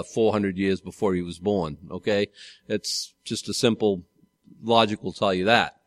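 A man's voice: lowish voice, no echo. A man pastor teaching a Bible study sermon in a conversational way, often correcting himself and asking the congregation questions.

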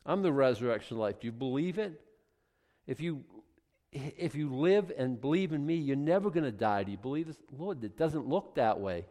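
Guy preaching a sermon, reads bible verses then riffs, gets loud and emphatic, long echo like a church hall. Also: mid-range voice, expressive, normal speed. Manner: reads scripture aloud and comments, rising to loud emphatic passages.

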